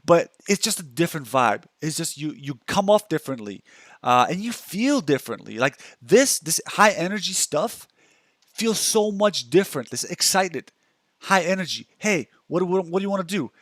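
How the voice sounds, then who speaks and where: Brief: young male counselor, casual and chatty, fairly high voice, dry close sound. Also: sing-song, moderate pace, fairly bright tone, no room sound. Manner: chatty, restarts a lot, acts out inner thoughts. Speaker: counselor giving self-help advice. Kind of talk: casual talk reacting to a post.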